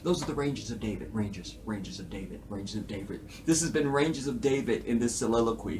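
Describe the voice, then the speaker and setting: A man giving casual commentary on a TV episode in a profane, animated way, talking straight to his viewers. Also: fairly low pitch, fairly quick, few pauses, background noise. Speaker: TV show reviewer.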